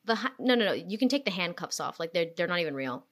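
A woman co-hosting a podcast in a casual comedic chat, with sarcastic, deadpan jokes. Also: fairly low pitch, quick pace. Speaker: podcast co-host.

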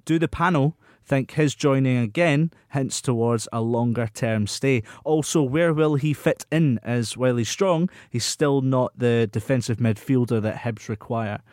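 Male podcast host, mid-pitched, chatty, dry close mic. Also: measured pace, few pauses, a little mellow, no echo. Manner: chatty, reads listener questions aloud. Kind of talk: casual football podcast chat.

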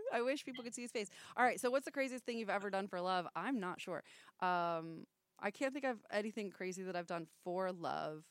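A woman's voice: mid-range voice, animated, normal speed, smooth, no room sound. A young woman hosting a loose chat among friends, teasing and blunt, with plenty of swearing. Her voice sounds dry and close, with no room around it. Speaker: podcast co-host.

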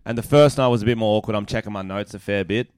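A young man, a comedian co-hosting a podcast, telling stories in a lively, swearing way with bursts of laughter. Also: fairly low pitch, quick pace, clear, resonant tone, no room sound, studio quality. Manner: swearing, animated storytelling with laughs. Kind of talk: casual chat.

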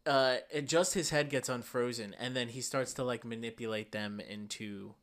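A man's voice: mid-range voice, fairly even intonation, moderate pace, a bit bright. A man co-hosting a casual podcast, rambling through a summary with lots of fillers. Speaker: podcast co-host. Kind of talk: casual chat.

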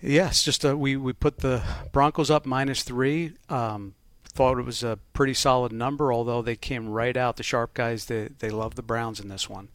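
A man's voice: medium pitch, fairly even intonation, normal speed, few pauses, no room sound. A middle-aged man, an oddsmaker co-hosting a podcast, explaining betting lines in an easygoing way, laughing often. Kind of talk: casual sports betting chat.

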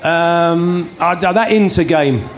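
A man with a London accent telling a lively anecdote on a live podcast. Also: on the high side, slow pace. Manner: animated storytelling. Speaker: podcast co-host.

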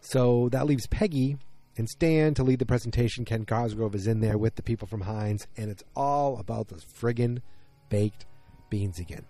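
A man's voice: medium pitch, normal speed, warm tone, dry recording, soft background music. A man casually recapping a TV episode, rambling and correcting himself mid-sentence in loose, slangy talk.

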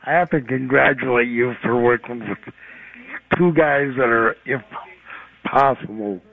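Male radio caller from Wisconsin, tipsy and slow, phone line sound. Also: medium pitch, gravelly. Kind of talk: call-in to sports radio.

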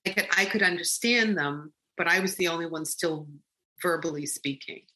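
A woman's voice: lowish voice, moderate pace, bright, forceful tone. A woman telling a personal story in an earnest, reflective way, rambling with frequent ums and restarts. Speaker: storyteller recounting a personal experience.

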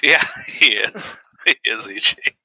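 A man chats about a film on a podcast, dropping dry quips and side comments. His voice is middling in pitch but very bright and edgy, recorded close with no room sound. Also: expressive, slow, no room sound, low-quality recording. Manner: wry asides and quips. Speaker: podcast co-host. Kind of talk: casual movie discussion.

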